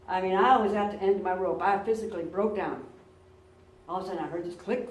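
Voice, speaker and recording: Speaking quickly in a mid-range voice, a woman pastor gives a sermon of earnest personal stories, repeating words for emphasis. The sound comes from a distance in a roomy church.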